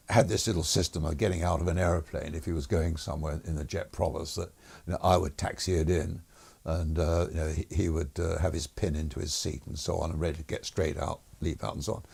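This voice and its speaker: Deep gravelly older man. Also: a little mellow. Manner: chuckles through stories, many fillers and restarts. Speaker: retired air force officer guest. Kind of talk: relaxed anecdotal interview.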